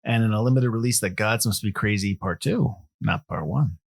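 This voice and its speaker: A man's voice: lowish voice, a little fast, creaky, husky, no echo, studio quality. A man co-hosting a casual film podcast, joking and laughing as he runs through release dates and box office figures. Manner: jokey, laughs often, reads release facts. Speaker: podcast co-host.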